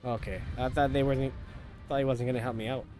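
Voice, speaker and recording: A man's voice: medium pitch, fairly even intonation, fairly quick, a little mellow, faint music behind. A man streaming a video game, making joking, crude casual comments over the cutscenes.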